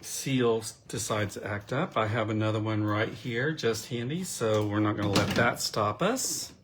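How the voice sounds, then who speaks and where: A man giving a casual, unhurried card-making demonstration, chatty and self-deprecating as he works. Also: fairly low pitch, noisy background.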